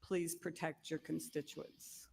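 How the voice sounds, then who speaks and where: A woman at a council meeting, reading a prepared public comment in a steady, formal way. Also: deep voice, takes it slowly, vocal fry, husky. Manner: steady, formal, read aloud.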